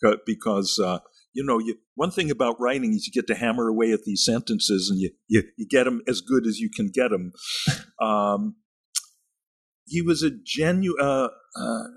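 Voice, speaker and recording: An older man, an author and retired teacher, talking thoughtfully on a podcast with halting restarts and reading passages from his book slowly and expressively. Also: mid-range voice, husky.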